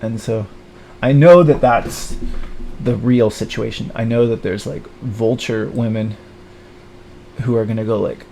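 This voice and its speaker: A man rants bitterly in a rambling livestream monologue. His voice is dark and mellow, and he keeps stalling on fillers and restarts. A faint hiss sits under the recording. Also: steady tone, a little slow, gravelly, pauses often. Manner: mocks others in high put-on voices.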